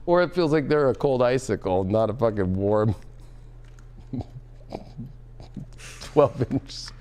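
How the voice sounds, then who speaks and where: A man giving a tarot reading in an excitable, loud and profane way, often breaking into laughter. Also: medium pitch, normal speed, smooth. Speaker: tarot reader.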